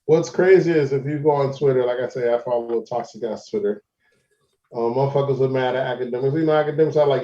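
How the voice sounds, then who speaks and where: A man's voice: mid-range voice, fast, warm tone, distant mic. A man co-hosting a podcast, rambling through a story in casual chat. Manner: rambling storyteller, retells online arguments. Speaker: podcast co-host. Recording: roomy, dull lo-fi podcast audio.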